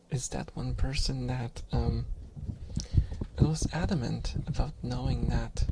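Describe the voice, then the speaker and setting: Slow, gravelly soft-spoken man. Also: medium pitch, fairly even intonation, noisy background. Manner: rambling, chuckling, drifting into whispers. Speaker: ASMR streamer. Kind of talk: soft-spoken ASMR rambling.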